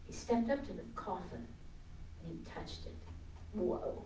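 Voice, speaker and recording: A woman preaching a sermon with passion, swinging from loud declarations to hushed storytelling. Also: medium pitch, slow pace, pauses often, roomy sound, recorded from a distance, a little hiss or hum, low-quality recording.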